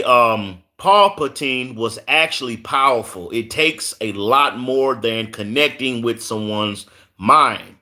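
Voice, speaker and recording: A man's voice: mid-range voice, bright, forceful tone. A man from Houston with a Southern accent, hosting a casual live stream and reading viewer comments aloud, often stumbling on names and repeating words. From Houston, Texas.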